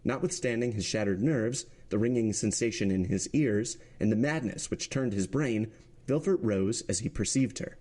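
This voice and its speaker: A man reading a classic novel aloud with measured, dramatic narration. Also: lowish voice, warm tone. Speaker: podcast reader.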